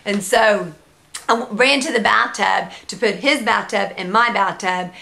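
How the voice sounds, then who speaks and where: Bright, gravelly-voiced mom telling a story. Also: female voice, mid-range voice, measured pace. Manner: animated, breaks into sing-song baby talk. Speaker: mom vlogger, founder of a parenting blog. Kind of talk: casual storytelling vlog.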